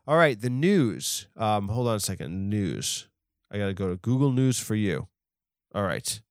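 A man hosting a comedy podcast, rambling through absurd asides in a deadpan manner. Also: fairly low pitch, normal speed, dry recording, studio quality. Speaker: podcast host.

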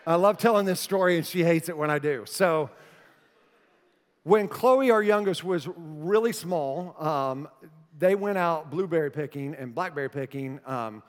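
A man with a high voice preaches a sermon to his congregation, easygoing and joking but turning earnest. His voice rings out with the long reverb of a church hall. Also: a little slow. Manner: conversational, joking, then earnest. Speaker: pastor. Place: church sanctuary.

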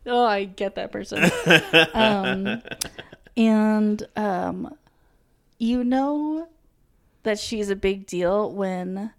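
A woman's voice: medium pitch, very slow, pauses often, a little mellow. A young woman chatting casually as a podcast co-host, with many ums and free swearing. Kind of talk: casual chat.

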